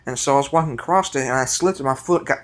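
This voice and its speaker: A young man telling a story from his life in a rambling, excitable way, with many restarts. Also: medium pitch, quick pace. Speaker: vlogger. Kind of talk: casual storytelling.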